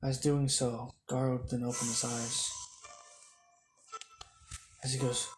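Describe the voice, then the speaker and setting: A man's voice: mid-range voice, level tone, measured pace, poor audio. A man improvising a fan story, rambling and correcting himself as he chains quotes together with "he goes.". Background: music.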